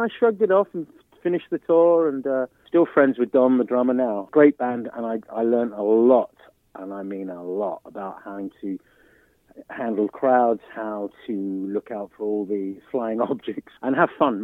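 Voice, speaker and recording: A man's voice: medium pitch, normal speed, no echo. An older man, a musician guest, telling rambling anecdotes with restarts and chuckles in a casual interview. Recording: dry tinny phone-like line.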